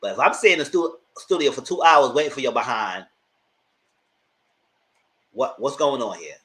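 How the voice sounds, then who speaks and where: A man giving casual live commentary on reality TV, animated and sassy, often jumping into a high exaggerated voice. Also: moderate pace, poor audio. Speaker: YouTube TV commentator.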